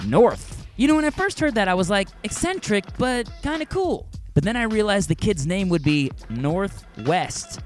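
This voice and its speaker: A man's voice: high voice, big pitch swings, normal speed, few pauses, faint music behind. A man hosting a comedy podcast, delivering jokes playfully and chatting with a guest. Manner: jokey, playful delivery with put-on quotes. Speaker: podcast host. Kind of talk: comedic monologue and interview chat.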